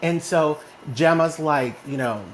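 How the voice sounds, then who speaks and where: A man's voice: fairly high pitch, measured pace, a little hiss or hum. A man from Texas co-hosting a casual motivational chat in a social audio room. He tells stories with lots of energy and keeps asking "right?". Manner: animated storyteller who often checks in with "right?". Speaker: co-host. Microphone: phone in a social audio room.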